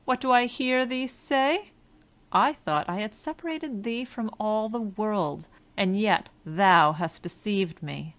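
A woman reading a fairy-tale audiobook and voicing a wicked old enchantress in loud, scornful outbursts. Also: mid-range voice, slow pace, voice pushed up. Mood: furious.

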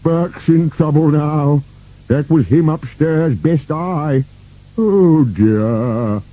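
A man voicing a fussy, fretful male creature who moans and frets slowly. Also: medium pitch, lively intonation, warm tone. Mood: worried. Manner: fretful, fussy, slow and moaning.

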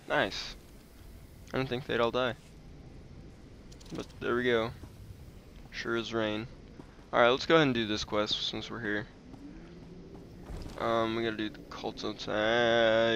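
A man's voice: lowish voice, flat delivery, unhurried, creaky, pauses often, fairly bright tone. Let's play host, male, rambling casual commentary, noisy recording. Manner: rambling, chatty with many fillers.

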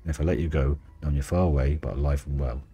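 A man's voice: extremely low pitch, steady tone, fast, warm tone, husky, exaggerated voice. A man reading out the lines of an anxious, tearful young dryad woman from a game, in his own plain voice. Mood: pleading.

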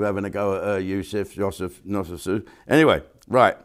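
A man's voice: low voice, steady tone, normal speed, few pauses. An older man from England, a comedian hosting a casual, rambling monologue full of blunt swearing. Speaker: comedian host.

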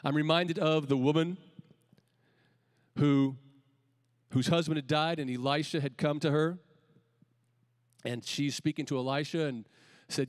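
A man's voice: fairly high pitch, steady tone, a little slow, long pauses. Emphatic male pastor in a reverberant hall. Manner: emphatic preaching with rising calls and quiet dropped endings. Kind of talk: sermon. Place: church sanctuary.

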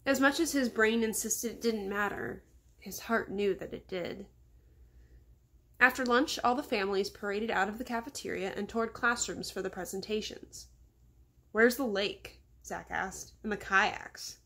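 A woman's voice: medium pitch, normal speed, sharp tone. A woman reading aloud from her children's novel at home, giving the boys' lines small voice shifts. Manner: stops to talk to her dog, then goes on reading. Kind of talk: storybook reading.

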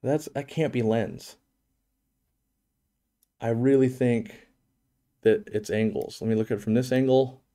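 A man's voice: medium pitch, fairly even intonation, unhurried, long pauses, dark tone. A man hosting a live stream, giving a casual, joking commentary on a virtual home tour and thinking aloud with many restarts.

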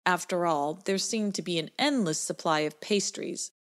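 A woman narrating a children's story in a gentle, expressive storytelling manner. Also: on the low side, normal speed.

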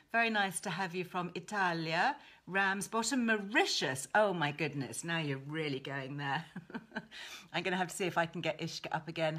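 A woman hosting a casual live stream from home, chatting warmly and reading out viewers' greetings. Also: lowish voice. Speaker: host. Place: her home.

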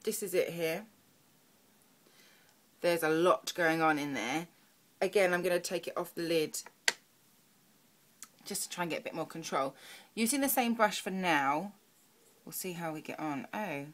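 A woman's voice: lowish voice, normal speed, long pauses. A young woman chatting through a makeup tutorial, muttering to herself as she works. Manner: chatty, talks to herself while working, soft murmurs. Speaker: beauty vlogger.

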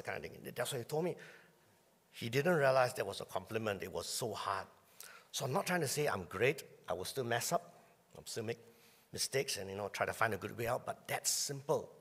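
A male pastor giving a conversational sermon, often clearing his throat as he talks. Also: medium pitch, lively intonation, fairly quick, a bit bright, big-room sound. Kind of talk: sermon with personal storytelling. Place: church hall.

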